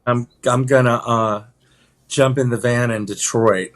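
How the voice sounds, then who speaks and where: Man, podcast guest, mid-pitched, laid-back, wry, casual video-call chat. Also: fairly even intonation, a little slow.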